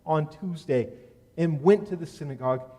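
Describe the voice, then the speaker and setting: A man giving a sermon as a rabbi, telling a personal story in an animated way that rises loud at key moments. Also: a little high, normal speed. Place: synagogue sanctuary. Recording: long reverb of a large hall.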